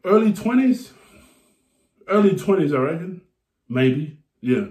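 A man's voice: fairly high pitch, sing-song, measured pace, a little mellow. A man chatting casually and telling a rambling, profane story while reacting to a music video. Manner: profane, laid-back, rambling. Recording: echoey room.

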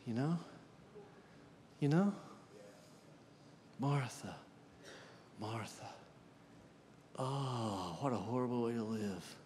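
This guest preacher speaks slowly in a darkish, mid-range voice, pausing often. He addresses the congregation conversationally, asking them questions, and the church sanctuary adds long reverb along with slight background noise.

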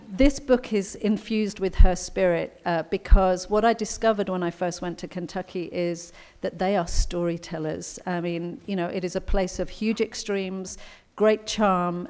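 Chatty English author at a luncheon. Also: female voice, lowish voice, a little mellow, clean tone. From England. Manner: chatty, anecdotal storyteller. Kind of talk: speech at a conference luncheon. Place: conference luncheon.

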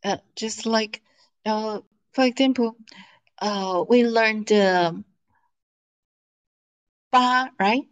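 A woman's voice: on the high side, very slow, pauses often, low-quality recording. A woman teaching an online lesson in English, patient, stretching out syllables as she models them over a video call. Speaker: Mandarin teacher.

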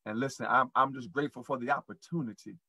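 A man's voice: mid-range voice, steady tone, quick pace, bright, forceful tone, husky, no echo, poor audio. A man hosting a live motivational show, speaking in a preachy, repeating, encouraging way to his audience. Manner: preachy, repetitive encouragement, addresses audience as y'all. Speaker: host.

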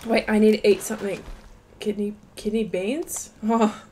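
A young woman giving casual let's-play commentary as a gaming streamer, excitable and quick to exclaim and laugh. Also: mid-range voice, noisy background.

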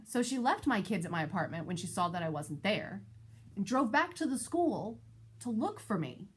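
A woman vlogger and mother telling a personal story in a casual, animated, exasperated way. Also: moderate pace, husky. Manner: animated, exasperated retelling with shifting pitch. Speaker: parent of school-age kids.

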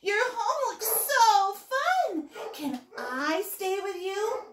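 Picture a tiny, gentle boy owl in a storybook, his high voice stretching each polite word slowly. A woman plays him, drawn out and wistful, and the room around him rings with echo. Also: very animated, background noise, heavily acted. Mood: hopeful, polite. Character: small young male owl, gentle and homesick. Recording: roomy echo.

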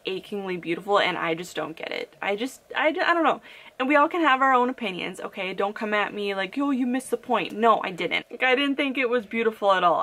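A young woman chatting on her book vlog about a novel she disliked. Her pitch sits mid-range but swings up and down a lot as she gets worked up. She talks in a casual, opinionated way, full of "like" and little asides. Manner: animated, opinionated, frequent "like" fillers and laughs. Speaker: book vlogger. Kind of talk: casual book review chat.

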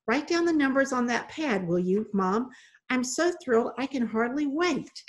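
A woman's voice: sits high, lively intonation, moderate pace, pitched above the performer's own voice. An eager young girl, as a woman reads her aloud.

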